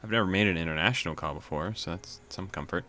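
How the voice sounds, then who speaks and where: A man's voice: low voice, fast talker, pushed and bright. A man hosting a let's play, casually reading a visual novel's narration aloud with amused asides.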